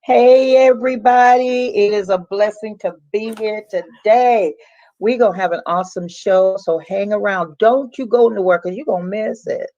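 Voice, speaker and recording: A woman's voice: mid-range voice, normal speed, warm tone, no room sound, lo-fi sound. A woman pastor from Los Angeles, co-hosting, enthusiastically welcoming viewers and saying she is blessed. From Los Angeles, California. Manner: enthusiastic, speaks of being blessed. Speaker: pastor and co-host. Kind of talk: upbeat show welcome.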